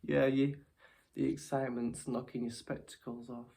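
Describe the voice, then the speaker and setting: A woman, performing as a ventriloquist who gently teases her puppet and often stumbles over her words. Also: extremely low pitch, little pitch movement, normal speed, vocal fry, husky. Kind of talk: ventriloquist comedy act, talking to a puppet.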